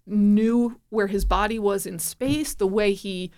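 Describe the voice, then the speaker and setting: Animated woman telling a family story. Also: medium pitch, slow. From New Jersey. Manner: animated, acts out quoted voices. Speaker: guest. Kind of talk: conversational storytelling.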